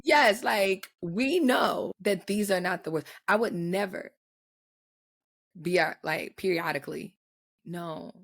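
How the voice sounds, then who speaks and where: A young woman co-hosting a podcast in casual chat, slangy and animated, with a raspy voice recovering from voice loss. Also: lowish voice, takes it slowly. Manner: animated, laughing, slangy storytelling. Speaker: podcast co-host.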